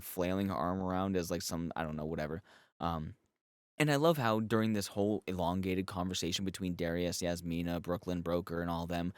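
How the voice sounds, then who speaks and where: A young man casually recapping and reviewing a show episode, animated and profane, with joking asides. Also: deep voice, no echo, clean studio sound.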